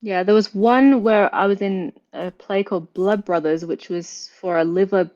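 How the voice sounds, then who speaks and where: Guest voice: Australian woman, mid-pitched, easygoing chat, dull lo-fi sound. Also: steady tone, normal speed, darkish tone. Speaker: guest, actor and audiobook narrator. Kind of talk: casual chat.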